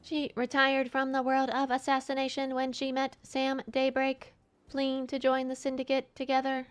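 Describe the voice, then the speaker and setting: A woman streamer reading a game's dialogue and text aloud in a plain, even way. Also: high voice, normal speed, smooth, faint music behind.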